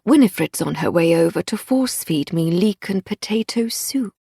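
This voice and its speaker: Croaky, weary old mother with a cold, read by a female narrator; low, husky audiobook voice. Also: lively intonation, moderate pace, dark tone, dry recording, clean studio sound, heavily acted.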